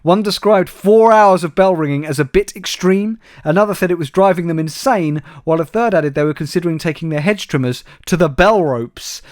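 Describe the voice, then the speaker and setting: A man's voice: high-pitched, fairly quick, hardly any pauses, dry recording. A man co-hosting a comedy podcast, reading out news stories with dry, wry asides. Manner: dry, wry delivery, addresses co-host by name. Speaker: podcast co-host.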